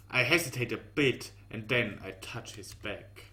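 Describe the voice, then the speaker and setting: A man reading a visual novel aloud in slow, measured narration with dry asides. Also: medium pitch, sharp tone. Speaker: game reader.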